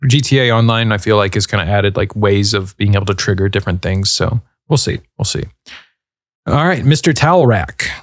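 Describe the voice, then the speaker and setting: A man in his thirties hosts a podcast, reading out listener questions and musing on them in an easygoing, meandering way. His voice sits low, and the sound is dry and close to the microphone. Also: a little fast, no echo. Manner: laid-back and rambling, with frequent fillers. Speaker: podcast host. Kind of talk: casual podcast chat answering listener questions.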